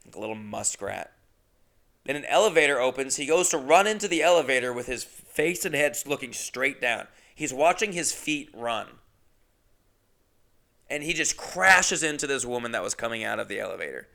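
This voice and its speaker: A man's voice: medium pitch, lively intonation, normal speed, vocal fry, bright, forceful tone. A young man, a comedian and podcast host, telling a crude, brash, profane anecdote. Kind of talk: comedic storytelling.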